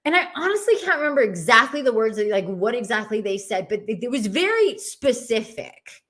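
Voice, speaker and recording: Expressive woman telling a personal story. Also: a little fast. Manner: casual, expressive, acts out voices she heard with shifts in pitch and loudness. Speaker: podcast guest.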